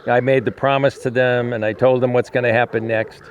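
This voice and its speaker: A man's voice: mid-range voice, flat delivery, fairly quick, muffled recording, a little hiss or hum. A man who rescues animals, talking casually to the camera and coaxing his dogs outdoors with repeated calls. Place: outdoor dog yard.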